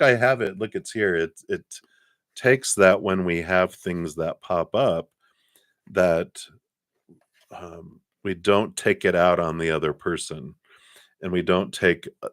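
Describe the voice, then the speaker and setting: A man giving a live tarot reading, chatty and warm-humored, laughing often and trailing off with fillers. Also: low-pitched, no room sound, studio quality. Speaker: tarot card reader.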